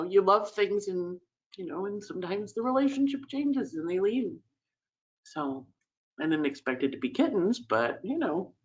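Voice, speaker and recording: A woman's voice: sits low, dull audio. A woman host giving a chatty weekly astrology forecast, emotional and teary at times, acting out little voices in quotes.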